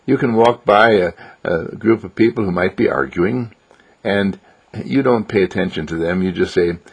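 Male spiritual speaker, deep and husky, gentle unhurried delivery that slips into whispers. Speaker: dean giving a daily spiritual message. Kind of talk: inspirational spiritual talk.

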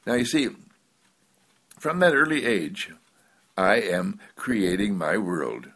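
Gravelly lively-voiced male spiritual speaker. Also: fairly low pitch. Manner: slow drawn-out emphasis, playful asides. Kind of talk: inspirational spiritual talk.

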